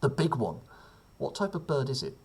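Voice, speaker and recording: Husky-voiced man as a casual quiz host at home, lively pitch, wandering off on tangents. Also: moderate pace. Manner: chatty, self-deprecating, rambling asides. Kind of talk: casual quiz reading with asides.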